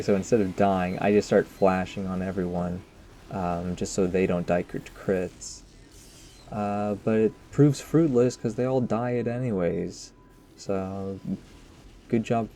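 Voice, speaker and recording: A man's voice: sits low, fairly even intonation, measured pace, warm tone, slight background noise. A man giving casual, rambling post-game commentary over his own gameplay, joking at his own expense and tossing asides to viewers. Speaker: gaming commentator.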